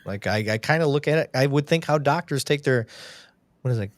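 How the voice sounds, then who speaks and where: On a police-themed livestream, a man who is both the podcast host and a police sergeant chats casually but bluntly and heatedly, swearing plenty. His medium-pitched voice moves fairly quickly, with no echo.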